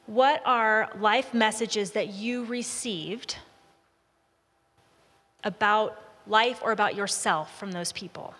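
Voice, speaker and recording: Woman teaching a group in a reverberant hall. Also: medium pitch. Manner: relaxed, invites answers from the group. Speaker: Bible study leader. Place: large room with a group. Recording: long reverb of a large hall.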